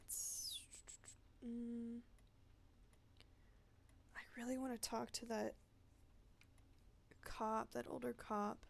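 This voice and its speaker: A woman's voice: a little high, little pitch movement, very slow, gravelly, pauses often, a little hiss or hum. A woman hosting a let's play, chatting casually and poking fun at herself as she plays. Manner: chatty, self-deprecating. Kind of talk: casual game commentary. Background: faint game music.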